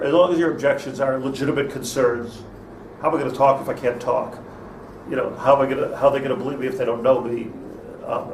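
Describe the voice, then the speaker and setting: A man, a rabbi, teaching an interactive class, thinking aloud and questioning his students with many restarts. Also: medium pitch. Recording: echoey room, far from mic, faint noise.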